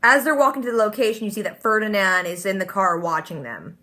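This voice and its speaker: Bright, bubbly woman recapping a TV show. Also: mid-range voice, quick pace. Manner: animated, bubbly, constant "like" quoting. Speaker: TV episode recap host. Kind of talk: casual reaction recap.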